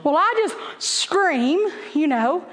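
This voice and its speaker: A woman with a very high voice tells a comic personal story to a crowd, animated and laughing as she acts out every voice. Her words ring out with a long reverb from a large hall. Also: takes it slowly. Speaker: teacher telling a story to an audience.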